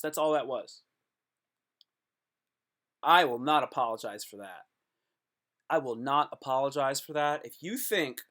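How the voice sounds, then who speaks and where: A man's voice: a little high, fairly bright tone. A man live-streaming comedy, rambling and joking, often repeating himself.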